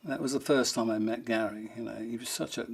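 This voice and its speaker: A brisk man with a gravelly, husky, medium-pitched voice is being interviewed. He chuckles often as he animatedly retells funny stories, acting out the characters' quotes.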